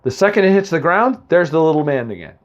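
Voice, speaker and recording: A man's voice: a little high, expressive, fast talker, lo-fi sound. A man from the Boston area reading a comic first-person story, rambling and chatty with lots of asides to the listener.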